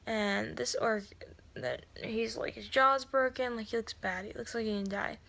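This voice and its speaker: A woman's voice: on the high side, steady tone, moderate pace, vocal fry, pushed and bright. Chatty woman rambling through a recap. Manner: rambling, full of fillers and self-corrections; drops to a whisper for asides. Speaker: video creator summarizing a novel. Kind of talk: casual spoken book recap.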